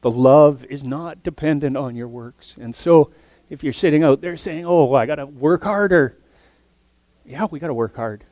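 A man preaching a sermon earnestly, his voice swinging from loud emphatic lines to soft, near-whispered ones. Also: on the high side, moderate pace, no echo.

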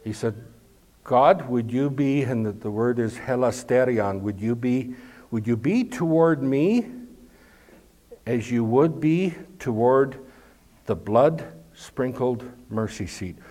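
A male pastor delivering a sermon at an unhurried, deliberate pace. His voice sits in an ordinary middle register. He preaches earnestly and with emphasis, repeating key words for weight. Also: mid-range voice, expressive, darkish tone.

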